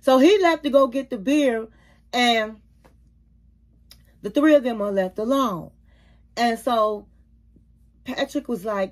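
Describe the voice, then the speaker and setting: A woman with a fairly high pitch speaks slowly, with long pauses, as she recaps a reality show for her YouTube channel. Her commentary is casual and chatty, and she calls her viewers queens, honey and baby.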